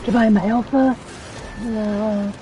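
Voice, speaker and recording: A woman plays a game live and keeps up a running stream of startled remarks and swearing. Her voice is mellow and a little high, with faint noise underneath. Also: steady tone, takes it slowly, rough recording. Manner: swears a lot, startled exclamations. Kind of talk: casual gameplay commentary.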